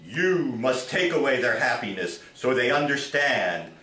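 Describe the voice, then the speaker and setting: A man's voice: mid-range voice, big pitch swings, measured pace, bright, forceful tone. A man voicing a solemn, prophetic burning bush with a grave declaiming manner at a live poetry reading. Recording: roomy theater, from far off.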